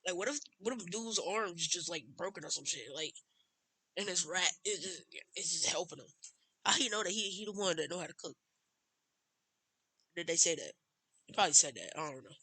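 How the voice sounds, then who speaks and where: Bright-voiced man puzzling over a movie. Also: sits high, fairly quick, long pauses, no room sound, low-quality recording. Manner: confused, wondering aloud. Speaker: reaction host. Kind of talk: casual reaction commentary.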